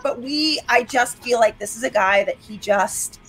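A woman's voice: a little high, moderate pace, fairly bright tone, slightly rough. A woman, a coach, talking animatedly and emotionally, with laughs and sarcasm. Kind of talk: post-match interview chat.

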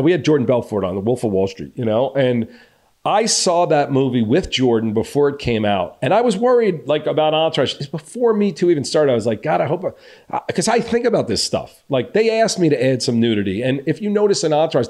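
A man's voice: on the high side, darkish tone. A man talking as a podcast guest, emphatic and blunt, with swearing. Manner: emphatic, blunt, with frequent profanity. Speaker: guest, show creator. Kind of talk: casual podcast chat.

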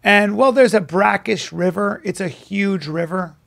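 High-pitched and a bit bright with vocal fry, a podcast co-host speaks at a measured pace while animatedly recounting a wild tale. He swears heavily and performs the voices of the story's characters.

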